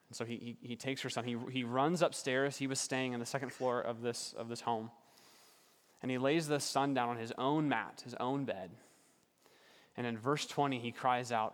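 An earnest male pastor delivers a sermon, building his points through repetition. He often softens for emphasis, his mid-pitched voice trailing into the long reverb of a large hall. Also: steady tone, moderate pace.

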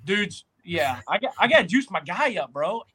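A man hosting a casual sports podcast, telling stories in an excitable, rambling way. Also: high voice, slightly rough. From Tennessee, USA. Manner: excitable storyteller, quick asides. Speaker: podcast host.

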